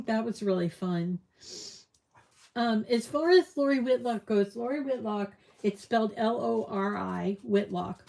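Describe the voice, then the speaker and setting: A woman's voice: on the high side, unhurried, vocal fry, a little mellow. A middle-aged woman hosting a live crafting tutorial, chatting casually and rambling off on tangents. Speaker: crafting show host.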